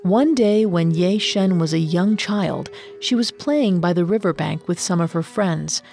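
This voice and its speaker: Woman narrator, slow and dramatic, lowish voice, faint music under it. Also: a little mellow. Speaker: storyteller. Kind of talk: scripted story narration.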